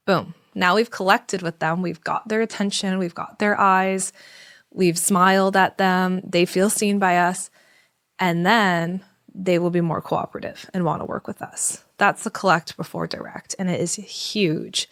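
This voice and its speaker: A woman in her thirties, a parenting educator, explaining in a relaxed podcast conversation and acting out calm, soothing talk to a child. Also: lowish voice, normal speed, no echo, clean studio sound. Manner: acts out parent-child dialogues in a gentle soothing voice.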